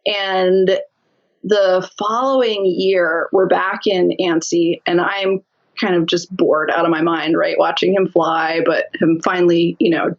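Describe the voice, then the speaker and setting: A woman's voice: lowish voice, measured pace, dull audio. A woman guest telling stories in a casual interview, laughing often and acting out what people said. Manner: lively, laughs often, acts out quotes. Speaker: podcast guest.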